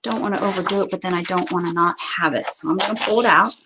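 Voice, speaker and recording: A woman's voice: on the low side, fast talker. A woman hosting a crafting video, chatting casually to viewers and thinking aloud as she sorts paper. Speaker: craft channel host. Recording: noticeable background noise.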